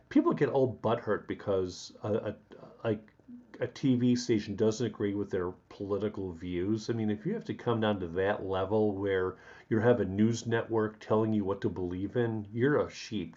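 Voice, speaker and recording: A man's voice: on the low side, darkish tone. Chatty man ranting on a live stream. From Chicago area. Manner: rambling, chuckling, talks to viewers by name. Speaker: livestream host. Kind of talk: casual live chat, ranting. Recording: dull lo-fi stream audio.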